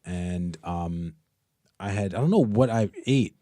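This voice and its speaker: A young man co-hosting a podcast, telling stories in casual chat, animated and swearing freely. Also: sits low, takes it slowly, no echo, clean studio sound. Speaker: podcast co-host.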